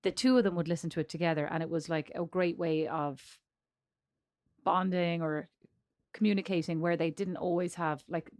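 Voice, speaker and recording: A woman's voice: fairly low pitch, steady tone, normal speed, a little mellow. A middle-aged Irish woman co-hosting a podcast in casual chat, telling stories with teasing humor and frequent laughter. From Ireland. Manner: teasing, storytelling, laughs often. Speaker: podcast co-host.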